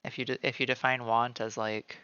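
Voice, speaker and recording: A man's voice: mid-range voice, flat delivery, brisk, bright, forceful tone, clean tone, dry recording, lo-fi sound. A man streaming from home while he draws, rambling casually with lots of "like" and calling himself by name in the third person. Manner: rambling, many "like" fillers. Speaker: streamer drawing live. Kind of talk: casual chat while drawing. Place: at home, cat nearby.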